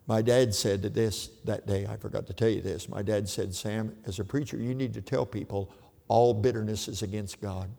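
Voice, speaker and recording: Gravelly older man preaching in a hall. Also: lowish voice, steady tone, warm tone. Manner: earnest, halting storytelling with restarts. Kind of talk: sermon storytelling. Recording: long hall reverb.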